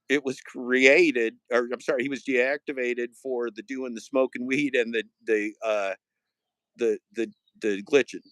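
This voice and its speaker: A man's voice: medium pitch, no room sound. A man rambling and joking on a casual live stream, trailing off and restarting often.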